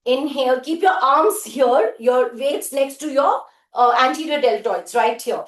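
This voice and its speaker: Slow-counting woman fitness instructor, echoey room. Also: high voice, lively intonation. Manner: counting reps with brief cues and praise. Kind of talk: live group workout instruction.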